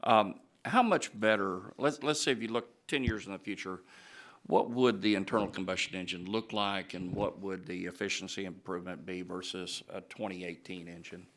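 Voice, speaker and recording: Man, very deep voice, congressional hearing, probing questions with restarts. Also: steady tone, normal speed, fairly bright tone.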